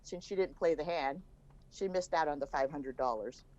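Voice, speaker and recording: A woman's voice: low-pitched, normal speed, highs cut off. A middle-aged woman, a guest on a podcast, telling a story casually and acting out the voices she quotes. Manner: animated, acts out quoted voices. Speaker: podcast guest, a host's mother.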